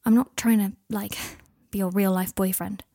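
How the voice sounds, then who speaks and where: Woman reading as an earnest young wizard, husky. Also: mid-range voice, steady tone, moderate pace, mellow, dry recording, clean studio sound, close to an everyday voice.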